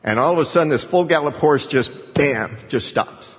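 A man's voice: fairly high pitch, normal speed. A man preaching a sermon with passion, telling stories and rising into fervent appeals. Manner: impassioned preaching with storytelling. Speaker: pastor. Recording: muffled sound with long hall reverb.

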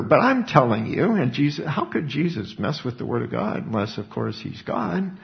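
A male preacher works through scripture in an earnest sermon, with lively asides along the way. His voice sits fairly high for a man and has a gravelly rasp. The recording is muffled and lo-fi. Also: normal speed, hardly any pauses. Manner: earnest Bible exposition with animated asides. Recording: dull lo-fi recording.

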